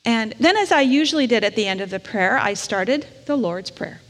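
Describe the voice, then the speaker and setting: A woman's voice: on the high side, expressive, moderate pace. Storytelling woman in a reverberant hall. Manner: gentle storytelling, briefly emotional. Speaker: chaplain. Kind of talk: sermon with personal story. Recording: long reverb of a large hall.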